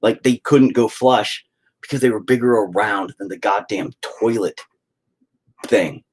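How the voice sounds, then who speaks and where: A man's voice: on the low side, a little slow, breathy edge. A man, a father, ranting profanely and rambling on a casual live stream, slipping into mock voices. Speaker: livestreamer and father.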